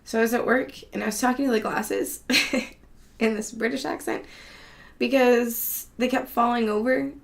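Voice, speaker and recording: Woman host, loose casual chatter, quick laughs, frequent swearing, recorded at home. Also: on the high side, steady tone, vocal fry. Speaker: show host. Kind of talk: casual monologue chat.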